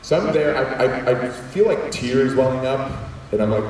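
A man telling a personal story to an audience of students, animated and quick to act out voices, with many restarts. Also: mid-range voice, slight background noise. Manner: animated, acts out voices, repeats words. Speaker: speaker addressing students. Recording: echoey hall from far off.

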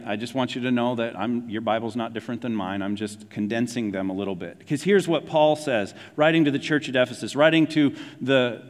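Male pastor, animated sermon delivery with quiet low emphasis, recorded in a reverberant hall. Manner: animated, conversational preaching, dropping low for emphasis.

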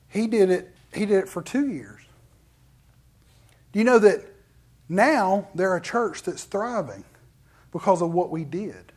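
A middle-aged man, a pastor telling personal stories in an animated sermon and acting out quoted voices. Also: sits high. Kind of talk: storytelling sermon.

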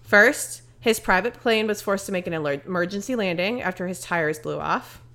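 A woman's voice: mid-range voice, expressive, moderate pace, fairly bright tone. A young woman co-hosting a casual podcast, telling a story in a rambling way with many fillers. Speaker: podcast co-host. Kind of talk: casual chat.

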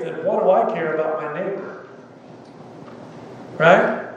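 A middle-aged man preaching a sermon as pastor, conversational, with frequent rhetorical asides. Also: high-pitched. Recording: echoey hall, distant mic, faint noise.

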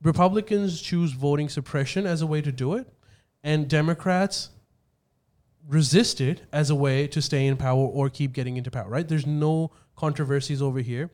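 Man, somewhat high voice, methodical explainer, casual host. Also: moderate pace, darkish tone. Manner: explanatory, methodical, hesitant restarts. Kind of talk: casual chat.

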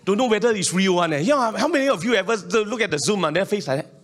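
Fast and expressive, this middle-aged male pastor preaches in a high, fairly bright voice. He's emphatic and repetitive, constantly inviting the congregation to respond, with plenty of chuckles between points.

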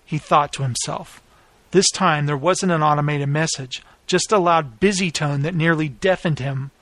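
Man, storyteller, steady and plain, a bit high-pitched, dry close-miked sound. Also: normal speed, dry recording. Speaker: author and narrator. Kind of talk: scripted audiobook narration.

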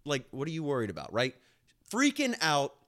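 A young man hosting his own podcast, rambling through a personal story in casual chat, animated and swearing freely, with lots of "like" and "uh.". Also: a little high, moderate pace. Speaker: podcast host and nurse.

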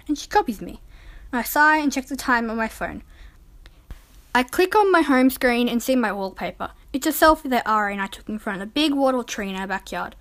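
A woman narrating a first-person story in a calm, measured reading voice. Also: on the high side.

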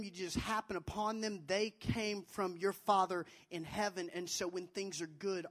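A young man preaching a sermon to students as a youth pastor, emphatic and repeating his phrases. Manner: emphatic, repeats phrases, acts out quotes in a high childlike voice.

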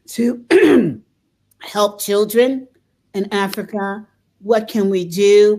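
An older woman hosting a talk show, telling stories with frequent laughter in a casual conversation. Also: medium pitch. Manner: laughs often, lively storytelling.

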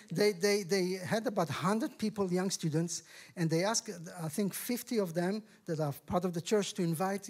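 A middle-aged Israeli man, a guest speaker sharing his testimony in a sermon, telling the story with lively acted-out dialogue. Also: high-pitched. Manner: animated storyteller, acts out dialogue with raised voices. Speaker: guest speaker, ministry director.

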